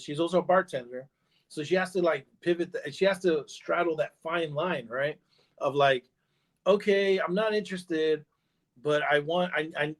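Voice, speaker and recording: A man guest on a parenting podcast, telling a story casually with many fillers, restarts and "you know"s. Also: a little high. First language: bilingual in Spanish.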